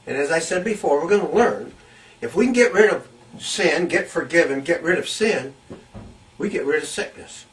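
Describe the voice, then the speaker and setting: A man's voice: on the high side, lively intonation, normal speed, recorded from a distance, poor audio. A man preaching a Bible teaching sermon, reading scripture aloud and repeating key phrases to stress them.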